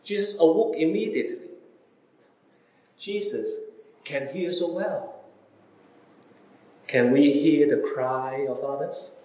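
A male preacher with a fairly high voice delivers his sermon slowly and deliberately. He presses his listeners with one rhetorical question after another, swinging from loud emphasis to near-quiet. The sound echoes around the room. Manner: repeated rhetorical questions to listeners, wide dramatic swings in pitch and loudness.

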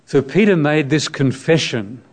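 A man's voice: on the high side, animated, unhurried. A man preaching a sermon on scripture, reflective and explaining the text, asking his listeners direct questions.

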